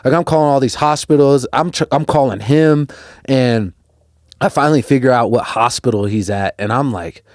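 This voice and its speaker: A man's voice: medium pitch, normal speed, no echo, studio quality. Rambling young man telling a story. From Colorado. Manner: rambling, many fillers and restarts, rises sharply when excited. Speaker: podcast guest, fighter. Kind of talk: casual storytelling.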